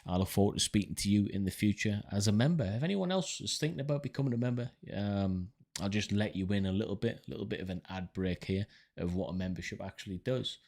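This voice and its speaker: A deep-voiced man hosts a live stream, reading out viewer comments and answering them. He speaks in a relaxed, chatty way, with plenty of ums and uhs, and calls his viewers brother. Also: fast talker, gravelly. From United Kingdom. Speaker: livestream host reading viewer questions.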